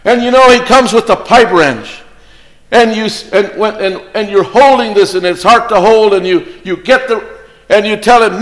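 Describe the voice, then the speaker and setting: A man's voice: high-pitched, moderate pace, big-room sound. A man preaching a sermon to an evening congregation, earnest and pleading, often restarting and repeating his phrases. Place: church meeting hall before an evening congregation.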